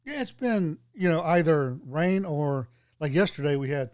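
A man's voice: a little high, lively intonation, normal speed, a little mellow, no echo, clean studio sound. A man talking in an easygoing way, full of fillers, in casual chat. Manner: easygoing, filler-heavy talk.

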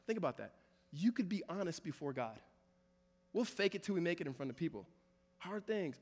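Pastor, male, high voice, impassioned preacher who repeats lines for emphasis, long hall reverb. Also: sing-song, brisk, a little mellow. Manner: preaches with rising intensity, repeating phrases. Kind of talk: sermon. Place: church sanctuary.

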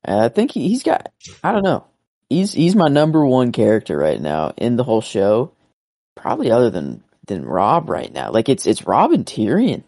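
A man co-hosts a casual chat, his pitch swinging up and down as he talks. He is enthusiastic and rambles, often restarting his sentences. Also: wildly swooping pitch, moderate pace, creaky, warm tone, dry recording. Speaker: co-host.

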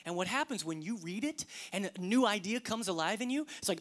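A man preaching a sermon, swinging between loud emphasis and hushed, whispered lines. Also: high voice, animated, brisk, hardly any pauses. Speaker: pastor.

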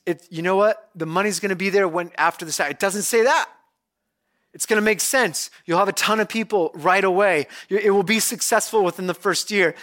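A male pastor giving a conversational, animated sermon, retelling scripture as a story. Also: high voice, fairly quick.

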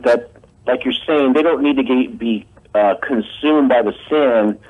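A man calling in to a show, speaking hesitantly with many pauses and fillers. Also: fairly low pitch, darkish tone. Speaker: caller. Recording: tinny phone line.

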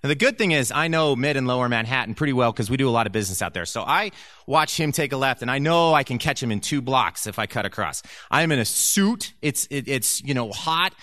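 A man at a medium pitch tells his church audience a personal testimony, animated and storytelling throughout. He acts out the voices of the people in his story. His voice sounds close and dry, with no room echo. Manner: animated storyteller who acts out quoted speech. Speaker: church speaker sharing a testimony.

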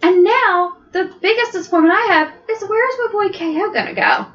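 A woman co-hosting a podcast, chatting excitedly about wrestling, laughing often, with dull lo-fi sound. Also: very high voice, normal speed. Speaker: podcast co-host. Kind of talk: casual wrestling chat.

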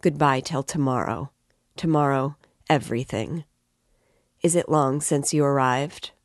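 A woman's voice: a bass voice, measured pace, dry recording, studio quality. A woman voicing a tormented, feverish young man who speaks curtly and in a strained, broken way. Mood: irritable.

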